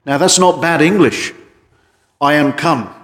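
A man preaching an evening sermon as pastor, emphatic, with drops into a quiet voice. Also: fairly high pitch, unhurried. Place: church. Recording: church hall reverb.

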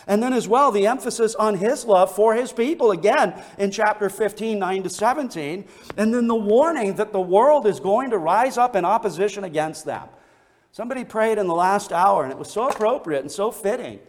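High-voiced preacher in a reverberant hall. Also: male voice. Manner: earnest, repeats words when stressing a point. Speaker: pastor. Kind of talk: sermon.

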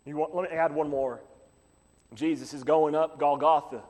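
A man preaching as a pastor, impassioned, breaking into shouts to drive points home. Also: on the high side, fairly even intonation, normal speed, long reverb tail. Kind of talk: sermon.

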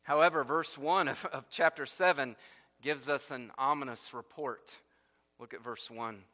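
A man's voice: medium pitch, measured pace, pushed and bright, big-room sound. A man preaching a sermon, reading scripture aloud and explaining it verse by verse with rhetorical questions. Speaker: pastor.

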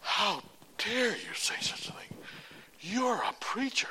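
A man voicing a crusty, fun-loving old man who teases him, in high mock alarm. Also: wildly swooping pitch, slow, pushed and bright, a little hiss or hum, heavily acted, low-quality recording. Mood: mock indignant.

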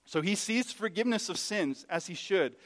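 A man preaching a sermon as pastor, impassioned, swinging from quiet explanation to loud exhortation and acting out the voices he quotes. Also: high-pitched, lively intonation, moderate pace, big-room sound.

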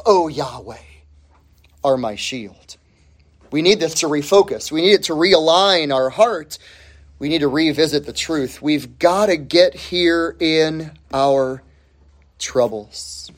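A man preaching a sermon, emphatic, stretching key phrases out slowly and rising sharply on the points he stresses. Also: a little high, lively intonation. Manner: emphatic, with slow drawn-out phrases and sudden rises.

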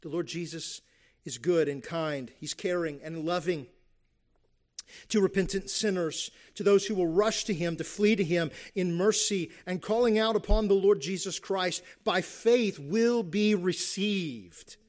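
Man, preacher, sermon, emphatic, rhetorical questions, slightly high voice. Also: a little slow, a little mellow. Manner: earnest, emphatic, with rhetorical questions and acted-out quotes.

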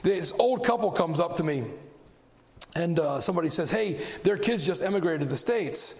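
A man preaching in a church with a fairly high, gravelly voice. He tells his story with animated energy, his voice climbing when excited. The sound rings with a long hall reverb. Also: moderate pace. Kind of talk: sermon with storytelling.

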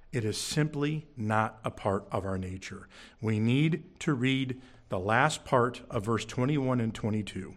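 A young adult man preaching a sermon as pastor, telling a funny story with quick jokes and sudden high-pitched bursts.

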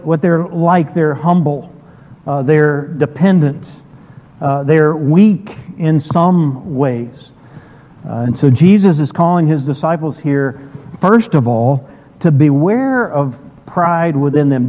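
A man preaching a sermon as pastor, earnest, often repeating words and restarting phrases. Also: a little high. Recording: dull sound in a long-reverb hall.

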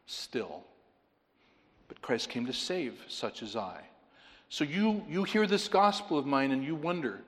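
A man's voice: on the high side, big pitch swings, a little slow, a bit bright. Man preaching in a reverberant hall. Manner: earnest, rising to emphatic pleading. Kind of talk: sermon.

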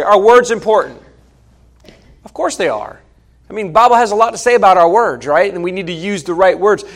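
Folksy male preacher, unusually high-pitched, emphatic sermon delivery. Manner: folksy, emphatic, rhetorical questions.

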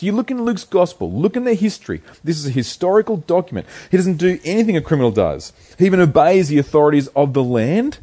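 Lively-voiced man preaching a sermon. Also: fairly high pitch. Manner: earnest, emphatic preaching with rhetorical questions.

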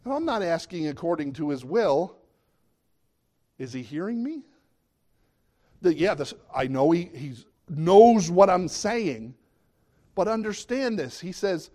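A man's voice: high voice, big pitch swings, measured pace, long pauses, mellow. A middle-aged man preaching a sermon in a conversational way, often asking the listeners questions. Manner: conversational, asks the audience questions.

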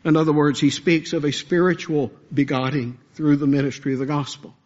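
A man's voice: on the high side, flat delivery, fairly quick, a little mellow, lo-fi sound. A man preaching a sermon as pastor, earnest and building to impassioned pleas.

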